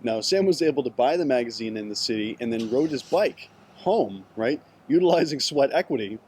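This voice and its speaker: A man's voice: mid-range voice, lively intonation, fairly quick, a little mellow, husky. Emphatic man with a profane business pep talk. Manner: casual, profane, keeps asking "right?"; emphatic, many restarts. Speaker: podcast host.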